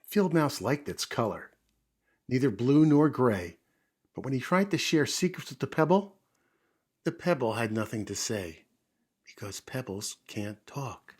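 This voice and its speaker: Gentle man reading a picture book aloud. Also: mid-range voice, sing-song, a little slow, husky. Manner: gentle, pointing things out to children. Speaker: children's story reader. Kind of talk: storytime read-aloud.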